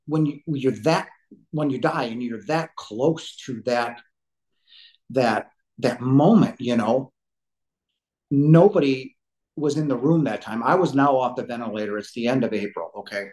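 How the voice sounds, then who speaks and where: A man's voice: medium pitch, poor audio. A man in his fifties, a podcast guest telling a personal story at home, rambling and often saying "you know". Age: 50s. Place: living room couch at home.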